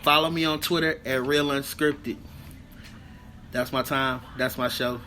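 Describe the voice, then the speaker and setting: A man's voice: mid-range voice, fairly even intonation, measured pace, very noisy. A man hosting a casual chat show, talking bluntly and emphatically with plenty of swearing and frequent laughter. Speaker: podcast host.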